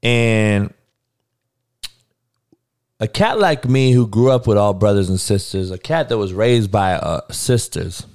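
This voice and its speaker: A man's voice: fairly low pitch, lively intonation, a little slow, long pauses, a little mellow. Man, show host, ranting monologue, irritated, profane, blunt.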